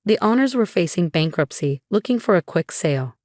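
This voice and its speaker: An earnest, encouraging young woman with a head for business, as a woman narrator reads her lines. Low, dry and close to the mic. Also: animated, fairly quick, darkish tone, dry recording, natural voice. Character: eager young woman, business-minded daughter.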